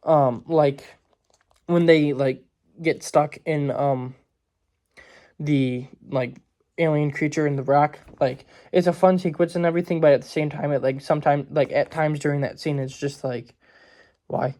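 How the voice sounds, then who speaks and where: A man with a fairly high, mellow voice reviews movies casually, speaking unhurriedly with fairly even intonation. He rambles, packing his talk with "like" and "um."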